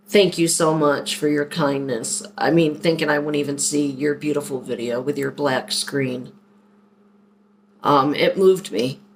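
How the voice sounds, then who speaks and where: A woman's voice: sits low, a little hiss or hum. A woman talking openly and at length in a personal vlog, rambling and heartfelt as she speaks to a viewer. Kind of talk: candid personal vlog talk.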